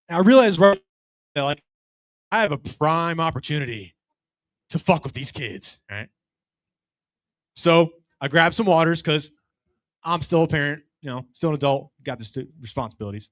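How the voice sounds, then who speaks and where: A man's voice: fairly high pitch, lively intonation, moderate pace, pauses often, no room sound, clean studio sound. A middle-aged man doing a stand-up comedy set, telling a profane story with brash delivery and acting out voices.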